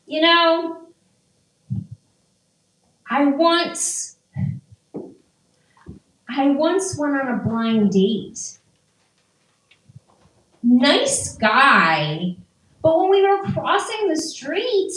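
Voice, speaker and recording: Deadpan woman comic in an echoey room. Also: high voice, drawn-out words, long pauses, distant mic. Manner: dry, deadpan one-liners. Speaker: stand-up comedian. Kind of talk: stand-up comedy set. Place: comedy venue before a live audience.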